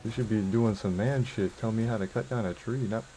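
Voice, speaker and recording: A man talking through a live game stream in a loose, rambling way, with lots of filler words and little chuckles. His voice sits fairly low and sounds mellow and relaxed. A faint hiss stays under him the whole time. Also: a little fast, poor audio. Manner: chuckles often while talking. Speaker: gaming streamer. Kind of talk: casual live-stream chat while playing.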